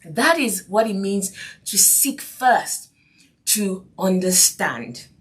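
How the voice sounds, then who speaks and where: A woman's voice: mid-range voice, lively intonation, takes it slowly. A woman hosting a faith-based parenting podcast, earnest and repetitive, often asking if you see what she means. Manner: earnest, repeats key phrases, asks "do you see what I mean?". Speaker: podcast host.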